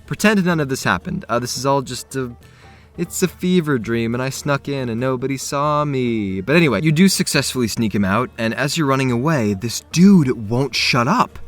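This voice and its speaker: A man's voice: medium pitch, expressive, normal speed, faint music behind. A man casually talking through a video game quest, chatty and self-correcting as he goes. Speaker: gaming youtuber.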